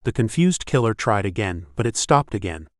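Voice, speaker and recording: A man reading an audiobook in scripted narration, steady and measured. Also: fairly low pitch, no room sound, clean studio sound.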